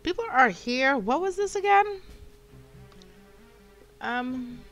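Woman streamer, casual gameplay chatter, fairly high and very lively pitch, unhurried delivery. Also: soft background music. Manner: chatty, exclaims and squeals when startled. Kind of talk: casual gameplay livestream chat.

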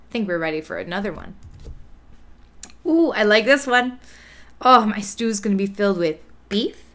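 A woman teaching an online music lesson to kindergarten children, encouraging them with praise and spelling out words slowly. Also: mid-range voice, lively intonation, fairly bright tone.

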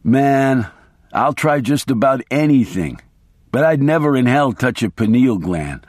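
A man reading the part of a wild, foul-mouthed lawyer who drawls out his crude warnings slowly and bluntly. The delivery is close and dry, with no room sound at all. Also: medium pitch, lively intonation, a little mellow, no echo. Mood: boasting. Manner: profane, blunt, slow and emphatic. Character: wild-talking male lawyer, reckless and coarse.

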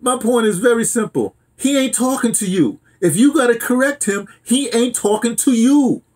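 A man's voice: extremely high pitch, expressive, moderate pace, a little mellow. A man, co-hosting a casual talk show, emphatic and repeating words as he builds his point. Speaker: podcast host. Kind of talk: casual chat.

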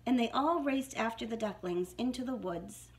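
A woman's voice: fairly high pitch, normal speed, slight background noise. A woman reading a storybook aloud to young children in a sing-song manner.

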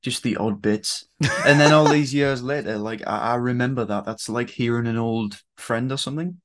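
A man's voice: mid-range voice, normal speed. A young man hosting a casual interview, reacting with enthusiasm. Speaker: interview host. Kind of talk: casual chat.

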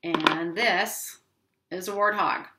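A woman reading a picture book aloud to children in a gentle, teacherly way. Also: fairly low pitch, slow pace, very noisy. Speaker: children's story reader.

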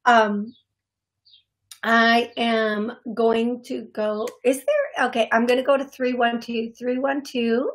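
Casting: woman radio host, slightly high voice, slow rambling chat, quick to laugh at herself. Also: little pitch movement. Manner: rambling, laughs often, self-deprecating. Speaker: psychic medium radio host. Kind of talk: casual radio call-in talk. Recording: radio studio broadcast.

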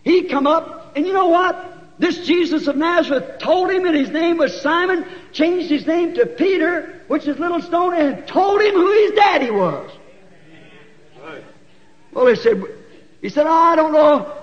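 High-voiced folksy preacher with twang. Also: male voice, measured pace. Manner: folksy, animated, rising to shouts. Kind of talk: sermon storytelling. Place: church. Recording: dull 1960s church tape with long reverb.

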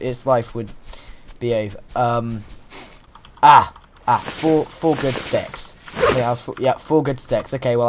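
Young male gamer, mid-pitched, chatty, playful let's-play commentary with restarts and rambling. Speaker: gaming YouTuber.

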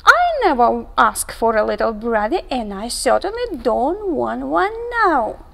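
A woman's voice: fairly high pitch, very animated, a little slow, creaky, sharp tone, big-room sound, voice pushed down, heavily acted. A woman playing a cross, grumpy big-brother cub. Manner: stomping, cross, exasperated.

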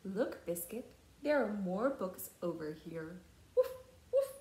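A woman teacher reads a picture book aloud to young children at an unhurried pace. Her pitch rises and falls in a lively way, and her voice sounds mellow and warm. The recording has a roomy echo. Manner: slow, gentle and lively. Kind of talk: storybook read-aloud for children.

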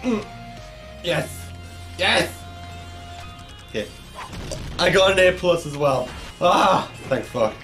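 A man commentates his gameplay in a fairly high voice that swings widely as he rages. He swears and shouts at the game, then mutters to himself, with faint music playing behind him. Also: animated, slow pace, long pauses. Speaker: gaming YouTuber. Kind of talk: let's play commentary.

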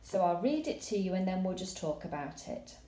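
A woman teaching a recorded lesson to young children, speaking slowly and clearly, reading her examples aloud with drama. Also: on the low side, sing-song, mellow. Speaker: primary school teacher. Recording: echoey room.

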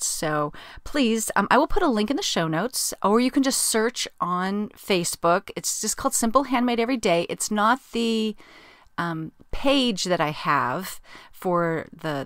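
Chatty woman podcast host, a bit low. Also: dry recording, clean studio sound. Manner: chatty, many fillers and restarts. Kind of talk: casual chat.

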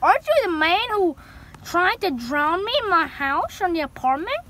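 A woman's voice: extremely high pitch, big pitch swings, normal speed, pushed and bright, slight background noise, exaggerated voice. A woman voicing a whiny, crude, demanding little boy in an amateur puppet video. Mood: accusing. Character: bratty foul-mouthed little boy.

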